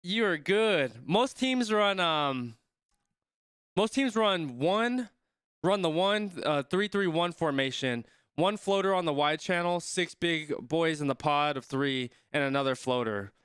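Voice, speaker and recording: Bright, crisp-voiced young man thinking aloud. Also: on the high side, expressive, a little slow, dry recording, clean studio sound. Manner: thinks aloud, reads chat, trails off mid-sentence. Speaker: streamer reacting to a rugby match. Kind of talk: casual live watch-along commentary.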